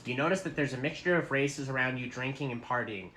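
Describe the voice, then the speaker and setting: A man's voice: medium pitch, quick pace, bright, forceful tone, voice pushed down, lightly acted, poor audio. A man voicing a petty, controlling male dungeon master who talks down to his players. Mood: dismissive. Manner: curt, self-important, dismissive.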